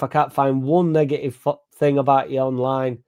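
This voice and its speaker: A man's voice: medium pitch, level tone, moderate pace, a little mellow. A young man hosting a casual live stream, reading out comments, swearing freely and stumbling over names.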